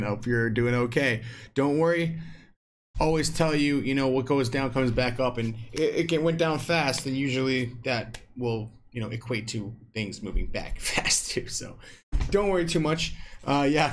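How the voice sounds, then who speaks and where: A man's voice: a little high, slight background noise. A man hosting a casual livestream, chatting loosely with many fillers and reading out viewer comments. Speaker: crypto livestream host.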